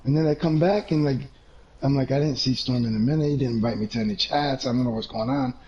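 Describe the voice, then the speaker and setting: A man's voice: mid-range voice, fast, a little mellow. Laid-back swearing man, lo-fi mic. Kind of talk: casual chat about a game. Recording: dull lo-fi mic with faint hiss.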